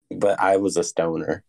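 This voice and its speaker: A man's voice: sits low, vocal fry, a little mellow, slightly rough. A young man co-hosting a podcast, laid-back and laughing a lot as he chats. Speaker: podcast co-host. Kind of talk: casual chat.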